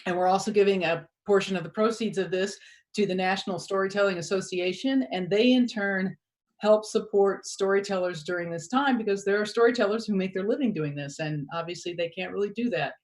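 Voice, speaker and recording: A woman's voice: medium pitch, brisk. A woman emceeing a storytelling evening in a chatty, thankful, casual way. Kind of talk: casual hosting.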